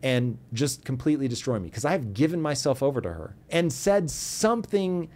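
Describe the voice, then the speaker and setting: A man's voice: medium pitch, big pitch swings, moderate pace, darkish tone. A middle-aged man, a podcast guest, telling a personal story and acting out both sides of an argument. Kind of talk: casual storytelling.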